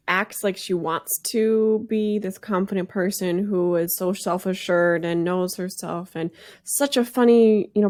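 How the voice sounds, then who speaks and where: A woman co-hosting a casual podcast, speaking at a middle pitch. She talks thoughtfully and sometimes pauses to search for the right words. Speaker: podcast co-host. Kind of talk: casual chat.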